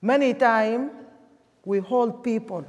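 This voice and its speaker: Woman preacher, fairly high voice, slow emphatic delivery, long hall echo. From Sudan. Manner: emphatic, with non-native English grammar. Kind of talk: sermon.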